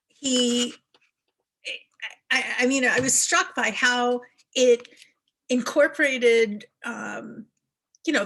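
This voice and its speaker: A woman interviewer works through her questions hesitantly, pausing on fillers. Her voice is raspy and gravelly, slightly high, and she speaks slowly. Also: a bit bright.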